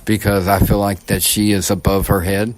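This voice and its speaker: A low-voiced man from the United States hosting his own podcast. He talks in a loose, rambling monologue that is blunt and profane, and he often restarts his sentences. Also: little pitch movement, moderate pace. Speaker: podcast host. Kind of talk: casual political monologue.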